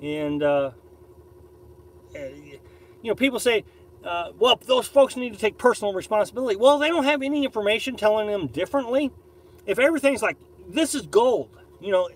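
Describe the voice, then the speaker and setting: A man's voice: high voice, expressive, moderate pace, poor audio. A man from Missouri hosting a casual live stream from his camper, rambling and opinionated as he reads viewer comments. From Missouri, USA. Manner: rambling, repeats and restarts, opinionated. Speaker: live-stream host reading viewer chat. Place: camper on a beach campsite.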